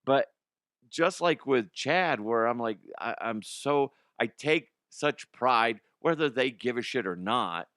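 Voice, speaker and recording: A man's voice: mid-range voice, lively intonation, slow pace, fairly bright tone, dry recording, clean studio sound. A man hosting a comedic sports talk show, rambling and profane, slipping into mock impressions.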